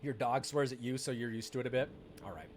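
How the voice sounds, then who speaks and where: A man talking loosely over a live game stream. His voice sits at an ordinary middle pitch, and he drifts from topic to topic, candid and a little bitter. Faint game music runs quietly behind him. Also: fast talker. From United States. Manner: rambling, candid, bitter and sarcastic asides. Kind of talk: casual live-stream chat.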